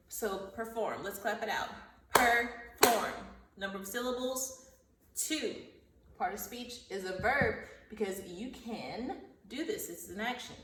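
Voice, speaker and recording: A woman teacher reads a children's story aloud and teaches new words, slow and clearly enunciated, repeating each word. She sounds set back from the microphone in an echoey room with a faint hum behind her. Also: mid-range voice, a bit bright. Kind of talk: vocabulary lesson and read-aloud story. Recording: roomy, echoey sound from a distance off the mic.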